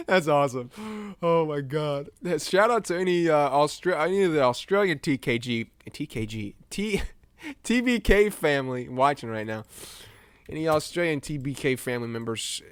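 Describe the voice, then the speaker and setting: A man's voice: medium pitch, normal speed, clean tone, no room sound. A young American man chatting casually while he edits images live for a stream, rambling, joking at himself and laughing often. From United States.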